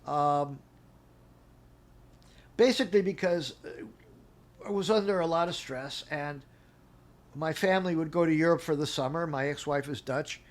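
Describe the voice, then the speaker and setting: Middle-aged man, high voice, casual storytelling, animated, acts out quotes. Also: moderate pace, pauses often. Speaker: interview guest.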